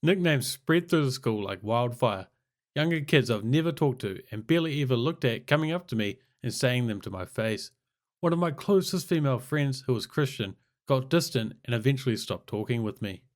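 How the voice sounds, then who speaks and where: Guy reading a gross funny story, deadpan, short choppy lines, normal pitch. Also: normal speed. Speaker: narrator. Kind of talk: scripted narration of a crude comic story.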